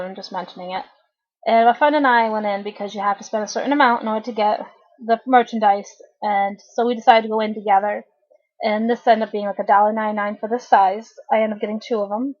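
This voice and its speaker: Thirtysomething woman talking thru a knitting how-to, kinda high voice, muffled webcam sound, keeps clearing her throat. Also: a little mellow. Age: 30s. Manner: chatty, clears throat often. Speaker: craft tutorial host. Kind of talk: casual knitting tutorial. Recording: dull lo-fi webcam audio.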